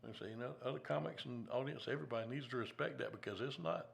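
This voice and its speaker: A male host in a casual chat talks in an earnest, reflective way with plenty of "you know"s. His voice has a gravelly edge and sits in a middle pitch. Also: rapid-fire. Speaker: host, comedian.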